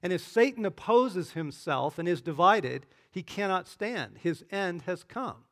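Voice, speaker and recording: A man voicing Jesus as a calm, authoritative male teacher in a scripture reading. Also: high voice, unhurried, heavily acted.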